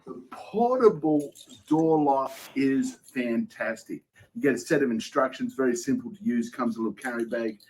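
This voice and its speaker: A man's voice: medium pitch, expressive, moderate pace, a little mellow, breathy edge, poor audio. Man demoing products step by step. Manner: walks through features step by step. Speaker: live shopping show host. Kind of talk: product demonstration.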